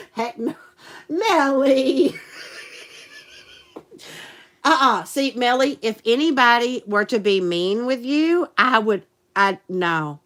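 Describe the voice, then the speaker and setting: A woman's voice: on the high side, lively intonation, slow pace, long pauses, a bit bright. A woman chatting casually to a live stream audience, giggly and rambling. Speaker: livestream host and teacher.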